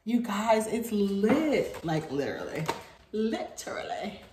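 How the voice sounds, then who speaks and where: A woman beauty vlogger chatting casually while unboxing, gushing and excitable. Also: medium pitch, takes it slowly. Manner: gushing and excitable, many "oh my gosh"s. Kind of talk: casual vlog chat. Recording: echoey room with faint noise.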